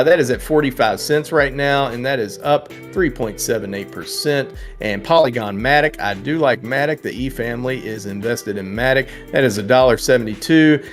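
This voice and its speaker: A man hosting a live trading stream, chatting casually as he reads out prices and viewers' names, laughing and sometimes singing names. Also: mid-range voice. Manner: chatty, reads prices and chat names, sing-song repeats of names, laughs often. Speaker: livestream trading host. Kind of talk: casual live market commentary.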